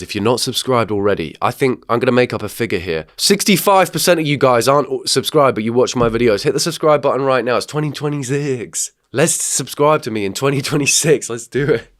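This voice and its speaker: A young man doing comedic reaction commentary, jokey and animated, laughing often and squealing at gross moments. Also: mid-range voice, fairly quick, hardly any pauses. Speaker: commentary YouTuber reacting to clips.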